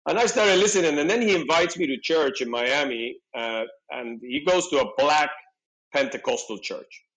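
A man's voice: a little high, moderate pace, rough recording. A middle-aged man telling a personal story in casual conversation, acting out his own and others' lines with frequent fillers. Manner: animated, acts out dialogue, frequent "you know". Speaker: podcast guest.

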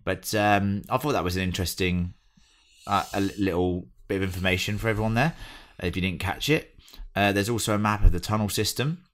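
A man's voice: fairly low pitch, fairly quick, a bit bright. An English man co-hosting a podcast, chatting casually as he recaps an episode from his notes. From England. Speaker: podcast co-host. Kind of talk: casual chat.

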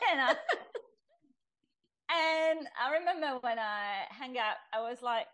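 Middle-aged woman, podcast guest, personal testimony, chatty, lively retelling with restarts. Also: sits high, slow pace, poor audio. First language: French. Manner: chatty, with restarts and laughs, acts out her past self in quotes.

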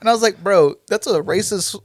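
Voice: mid-range voice, a little fast. A person telling a story in casual, profane banter among friends.

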